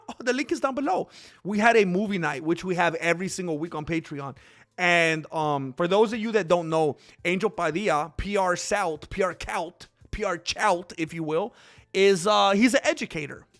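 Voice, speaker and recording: A man's voice: a little high, fairly bright tone, dry recording, studio quality. A man hosting a casual live stream, joking and thanking donors as he reacts to the fights. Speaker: livestream host reacting to fights.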